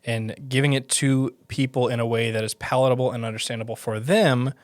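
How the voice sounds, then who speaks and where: An eager young man co-hosts a church podcast in a mid-range voice. He chats casually and responds quickly, recorded close and dry. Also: medium pitch, fairly even intonation, dry recording. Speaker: co-host. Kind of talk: casual conversational chat.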